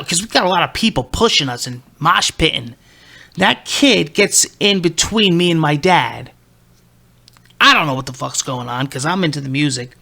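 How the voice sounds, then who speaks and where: Male podcast host, 30s, bright gravelly voice, swears constantly and rambles as he tells a story. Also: on the high side. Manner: profane, excitable, rambling. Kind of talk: casual storytelling.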